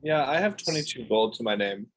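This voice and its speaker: A man playing in a tabletop game, negotiating in character and laying out options in a diplomatic, deliberate way. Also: medium pitch, expressive, low-quality recording. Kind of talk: in-character tabletop role-play.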